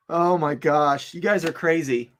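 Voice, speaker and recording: Excitable man with a higher voice, live-streaming. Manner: excitable, chatty, laughs often, talks straight to viewers. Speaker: online reseller hosting a live stream. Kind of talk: casual live-stream chat. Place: home office.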